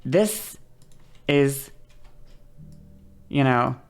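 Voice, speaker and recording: A woman streamer explaining something casually, with a bouncy, varied delivery that speeds up and slows down and swears freely. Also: lively intonation, a little mellow, soft background music. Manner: bouncy, varied pitch and shifting pace.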